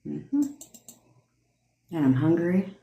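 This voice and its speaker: A woman's voice: sits low, slow, vocal fry, dull audio. A woman coach hosting a casual livestream, talking bluntly and profanely in a commanding way. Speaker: manifestation coach hosting a live stream. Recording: roomy echo.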